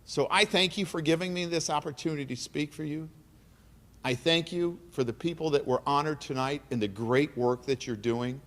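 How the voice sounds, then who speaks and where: In a large banquet hall whose echo fills the recording, a middle-aged man gives an earnest, emotional keynote at an awards dinner. His voice sits on the high side and is a bit bright, moving at a normal speed, and he repeats phrases for emphasis.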